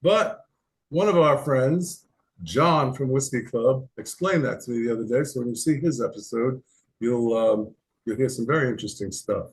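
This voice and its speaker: A man from the United States hosting a casual interview, enthusiastic and rambling, quick to laugh. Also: medium pitch, a little hiss or hum. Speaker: podcast host.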